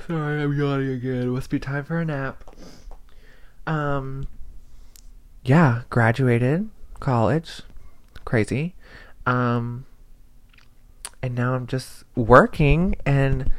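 A man's voice: mid-range voice, slow pace, pauses often, no room sound. A young man hosting a podcast, chatting casually on his own in a rambling, self-deprecating way. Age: young adult. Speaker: podcast host. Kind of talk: casual solo podcast chat.

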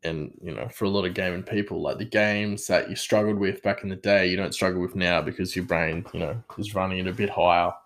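Low-voiced rambling young gamer guy. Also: fairly even intonation, fairly quick, few pauses. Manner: rambling, digressive, self-deprecating. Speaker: gaming vlogger. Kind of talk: casual chat.

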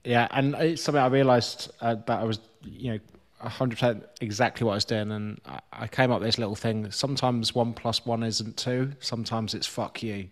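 A man's voice: medium pitch, steady tone, a little fast. A man talking thoughtfully and self-deprecatingly as a podcast guest, with casual swearing. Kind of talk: candid conversational podcast talk.

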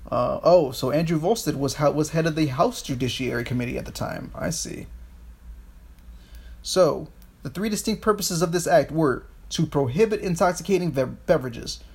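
A man's voice: a little high, normal speed, vocal fry, darkish tone, breathy edge. A man co-hosting a podcast, chatting casually about history, rambling with frequent restarts and swearing. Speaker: podcast co-host.

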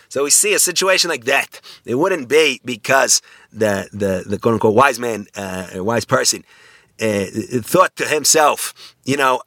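A man lectures on ethics in a loose, conversational way, often stopping to check in with his listeners. His voice is bright and forward. The sound is close and dry, with no room around it. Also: medium pitch, animated, moderate pace, dry recording. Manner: conversational, many restarts, frequent "right?" tag questions.

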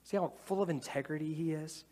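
A man's voice: on the high side, fairly quick, darkish tone, big-room sound, natural voice. A man voicing God in a biblical scene, speaking casually and proudly of his servant, in a live sermon.

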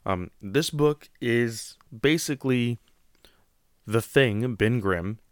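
A man's voice: mid-range voice, animated, slow pace, smooth, dry recording, studio quality. A man giving a casual spoken comic book review, rambling and often saying "you know.".

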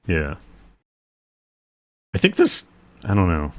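A man's voice: sits low, huge pitch swings, takes it slowly. A man co-hosting a podcast in casual chat, rambling and laughing a lot as he talks. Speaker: podcast co-host.

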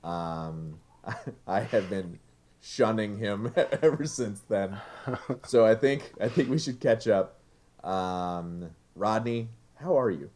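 A man in his thirties co-hosting a casual podcast, joking and laughing as he talks, with halting restarts. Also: lowish voice, a little mellow, slight background noise. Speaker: podcast co-host. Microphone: remote recording setup.

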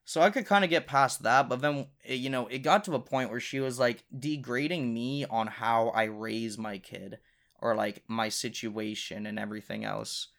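A man's voice: medium pitch, moderate pace, creaky, a bit bright. A man in his twenties hosting a solo podcast, telling a story in a rambling, profane way full of filler words. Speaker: podcast host.

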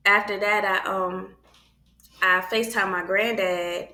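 A middle-aged woman casually telling a personal faith story, animated and acting out the voices of the people in it. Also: mid-range voice, a little slow, echoey room. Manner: animated, acts out quoted voices.

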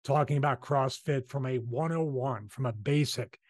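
A man's voice: mid-range voice, moderate pace, no room sound. Man, Philadelphia accent, podcast host, chatty, rambling, dry close sound. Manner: chatty, rambling, restarts his sentences. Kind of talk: casual podcast chat.

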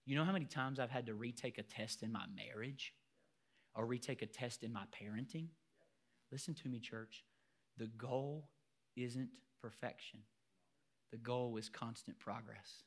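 A man's voice: medium pitch, moderate pace. A man preaching a sermon as pastor, emphatic and asking the congregation rhetorical questions.

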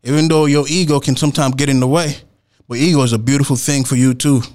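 A male performance poet telling a story in a relaxed, streetwise manner. His voice sits at an ordinary middle pitch. He tells it with casual slang and lively asides. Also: fast. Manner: slangy, animated retelling with laughs and acted-out quotes.

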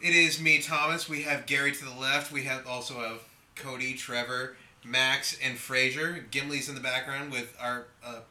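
A man's voice: mid-range voice, little pitch movement, normal speed, pushed and bright, reverberant. A man hosting a podcast, laid-back and easily amused in casual banter. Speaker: podcast host.

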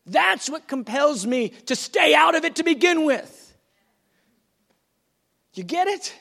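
Man, high voice, preacher, teaching sermon, animated, conversational. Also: slow pace, vocal fry. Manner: animated, acts out quotes, conversational.

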